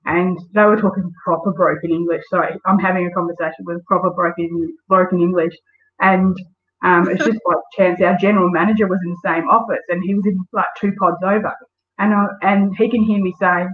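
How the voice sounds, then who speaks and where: A woman's voice: lowish voice, fairly even intonation, brisk. Woman guest, chatty storyteller, heard over a thin phone-like video call. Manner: storytelling, lots of fillers. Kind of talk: casual interview. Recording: tinny phone-like call audio.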